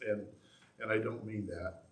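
A man's voice: lowish voice, steady tone, a little slow, reverberant. A man, a pastor, preaching a sermon in a conversational, earnest way, teaching from the Bible.

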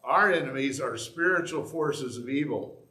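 Pastor, male, mid-pitched, earnest conversational preaching, roomy church sound. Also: normal speed, pushed and bright. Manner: conversational, earnest Bible teaching with asides to an online audience. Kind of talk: sermon.

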